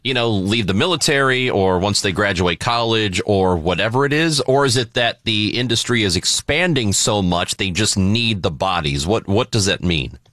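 Bright, lively man in his forties hosting. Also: fairly low pitch, normal speed, hardly any pauses, dry recording, studio quality. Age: 40s. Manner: joking, playful questions. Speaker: radio show host. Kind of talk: casual radio talk.

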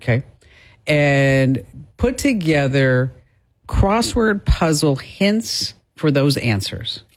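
A woman hosting a talk radio show, chatting casually, telling lively stories and laughing easily. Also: low voice, takes it slowly.

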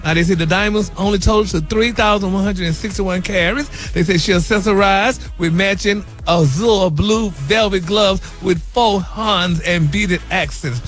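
Flamboyant guy dishing celebrity gossip on morning radio, high bright voice, sassy, keeps laughing. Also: normal speed, few pauses, faint music behind. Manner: flamboyant and sassy, laughing, calls everyone honey and baby. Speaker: celebrity gossip segment host. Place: radio studio.

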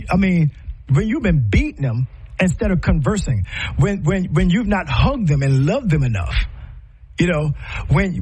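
A middle-aged man hosting a talk show delivers impassioned, preacher-like commentary. His voice is husky and sits fairly high, and it swings widely in pitch as he builds through rhetorical questions and repeated lines. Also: a little mellow.

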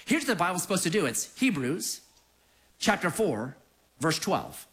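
Male pastor, middle-aged, animated storyteller with a lively, swinging delivery. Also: sits high, moderate pace. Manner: animated storytelling with acted quotes. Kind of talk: sermon.

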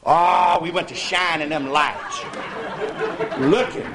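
A man telling a folk tall tale, animated, often laughing and breaking into hollers. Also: fairly high pitch, slow pace, pauses often, a faint crowd. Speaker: storyteller. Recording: noisy recording with clicks.

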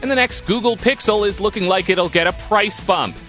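A man reading a short tech news segment in a crisp newsreader delivery. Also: high-pitched, fairly quick, pushed and bright, soft background music. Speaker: news anchor. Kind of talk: scripted news read.

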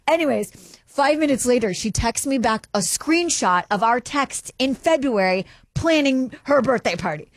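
Animated woman telling a story, dry sound. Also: sits high, moderate pace, dry recording. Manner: animated storytelling, laughs often. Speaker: radio show co-host. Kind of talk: casual chat.

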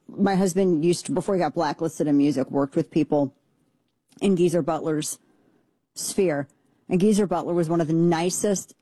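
This woman's voice is low and mellow, recorded without room sound as she hosts a political talk show from her Texas home studio on a studio mic with headphones. She delivers casual opinion commentary emphatically and ramblingly, with sarcastic asides.

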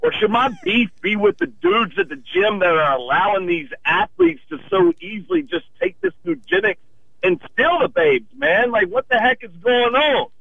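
Guy calling in over a tinny phone, high gravelly voice, swoops all over, playful rant. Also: wildly swooping pitch, normal speed. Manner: incredulous, playful ranting. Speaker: caller.

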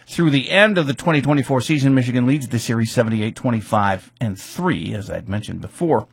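A man's voice: medium pitch, expressive, fairly quick, gravelly, slightly rough. A man recapping a football rivalry's history in casual talk, reading facts with offhand asides and fillers.

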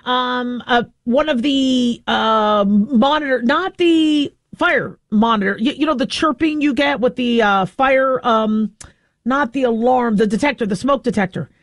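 A middle-aged woman host telling a long, rambling story in a casual, animated way, often stopping to correct herself. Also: a little high, no echo. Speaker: show host.

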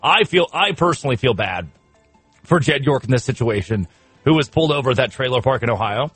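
A man's voice: mid-range voice, lively intonation, brisk, a bit bright, slightly rough, dry recording, soft background music. A man hosting a sports radio show, riffing in comic talk with laughter and mock outrage.

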